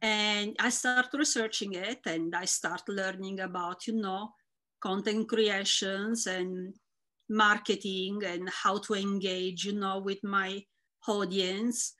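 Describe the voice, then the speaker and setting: A woman's voice: mid-range voice, slow. A middle-aged woman from Italy with a thick Italian accent, chatting as an interview guest about her work and life. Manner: thick accent, animated storytelling. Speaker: guest, Instagram content creator. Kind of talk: casual interview chat.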